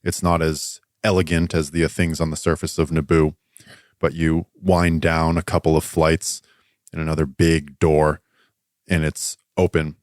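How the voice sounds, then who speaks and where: Gm guy, really deep monotone voice, hesitant descriptive narration, dry mic. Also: a little slow, dry recording. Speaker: game master. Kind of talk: narrating a tabletop game.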